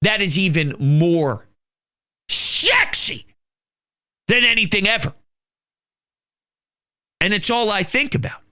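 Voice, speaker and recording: A man with a Philadelphia accent hosts a sports talk show, hyped and emphatic as he breaks down the big game. His voice sits high and swings widely in pitch. The tone is sharp and very bright. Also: lively intonation, unhurried, pauses often, clear, resonant tone. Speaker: podcast host.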